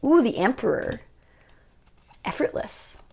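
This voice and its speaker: A woman's voice: on the high side, sing-song, slow, creaky, a little mellow, breathy edge. Chatty young woman reading tarot cards. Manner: chatty, rambling, often laughing. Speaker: tarot card reader. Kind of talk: casual pick-a-card tarot reading.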